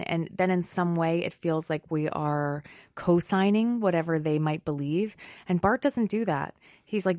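Low-voiced chatty actress, dry sound. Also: female voice, darkish tone, no echo. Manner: chatty, self-deprecating, quick to laugh. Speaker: Broadway actress guest. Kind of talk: casual interview chat.

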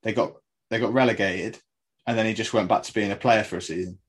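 Bloke with a lowish voice, laid-back footy chat, quizzing his mate. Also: steady tone, quick pace, slightly rough, low-quality recording. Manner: quizzing with trivia, laughing often. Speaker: podcast co-host. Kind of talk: casual football chat.

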